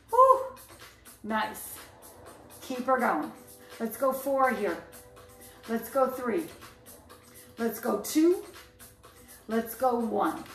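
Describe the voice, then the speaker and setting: A woman's voice: fairly high pitch, recorded from a distance. A woman fitness instructor leading a band workout, counting down reps with upbeat cues and chatty asides. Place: indoor room, filmed alone. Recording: echoey room, off-mic, faint music.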